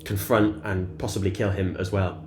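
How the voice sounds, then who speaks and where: A man's voice: low voice, flat delivery, soft background music. Hesitant man playing a tabletop game. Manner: hesitant, halting with fillers. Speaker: player. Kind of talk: in-character tabletop play.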